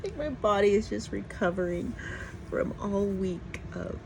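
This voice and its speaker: A woman's voice: mid-range voice, unhurried, gravelly, slight background noise, rough recording. A middle-aged woman chatting casually at home in a morning vlog, rambling and laughing often. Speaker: vlogger.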